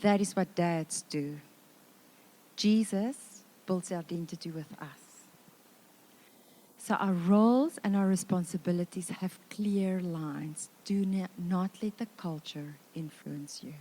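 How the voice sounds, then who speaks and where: A middle-aged woman with a South African accent gives a humorous church talk in a lively, conversational way, acting out what family members say. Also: on the low side, takes it slowly. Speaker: speaker at a church session for couples. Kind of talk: humorous sermon.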